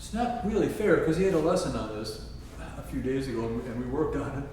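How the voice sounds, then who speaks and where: A man's voice: medium pitch, quick pace, distant mic, loud music behind the voice. Guy teaching a trombone masterclass, scat-singing the lines, super echoey hall, mic way off. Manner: scat-sings musical phrases to demonstrate. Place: chapel used as a concert hall. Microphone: distant room mic.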